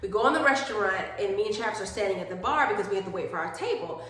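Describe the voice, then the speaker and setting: A young woman telling a chatty storytime vlog, animated and acting out the people in her story. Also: mid-range voice, very fast. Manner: animated, acts out quoted people. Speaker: vlogger. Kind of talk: chatty storytime while doing skincare. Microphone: phone. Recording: very echoey room.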